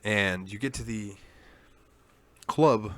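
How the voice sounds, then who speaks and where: Brief: male podcast co-host, somewhat low voice, loose rambling storyteller who cusses. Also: slow, a bit bright, no room sound. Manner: rambling storyteller, swears freely. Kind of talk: casual chat.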